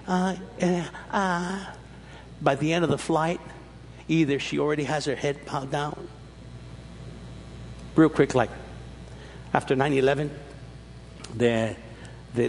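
A man preaching a sermon, telling stories animatedly with emphatic rises and frequent restarts, his voice husky. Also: on the high side, a little hiss or hum. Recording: long reverb of a large hall.

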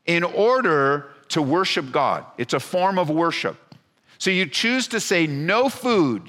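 Pastor, male, fairly high voice, lively sermon delivery, slows down to stress key words. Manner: animated preaching, drawn-out emphasis.

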